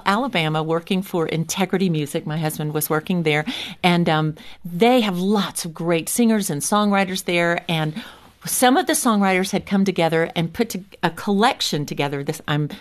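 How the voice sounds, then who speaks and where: This is a middle-aged woman speaking as a guest on a faith conversation show. She tells personal stories with an animated, expressive manner, laughing often and acting out the voices she quotes. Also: on the low side. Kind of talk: faith-based storytelling in conversation.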